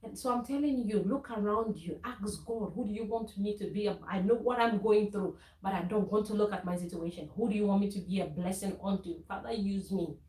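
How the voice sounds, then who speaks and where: A woman's voice: medium pitch, fairly quick, few pauses, mellow, echoey room, poor audio. A woman from Ghana talking casually in a faith-based vlog, earnest and preachy, with frequent laughs and restarts. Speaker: vlogger.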